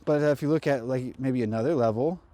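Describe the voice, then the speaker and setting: A man hosting a spiritual channel, talking casually outdoors in a cemetery, chatty and quick to laugh at his own jokes. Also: mid-range voice, warm tone. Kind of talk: casual spiritual talk to camera.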